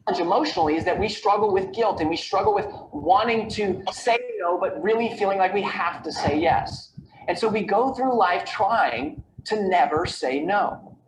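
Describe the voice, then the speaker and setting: High-pitched guy doing a motivational keynote, lots of rhetorical questions, echoey played-back video with background noise. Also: normal speed. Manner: storytelling with rhetorical questions and repeated lists. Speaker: keynote speaker on time management.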